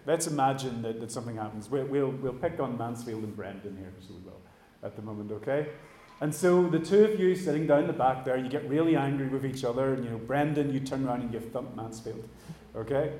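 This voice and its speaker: A man delivers a sermon in a casual, conversational way, speaking straight to the people in front of him. His voice sits at a middling pitch and carries a roomy echo from the church hall. A faint ambient noise runs underneath. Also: a little fast, few pauses, dark tone. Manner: conversational, addresses the congregation directly. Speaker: pastor.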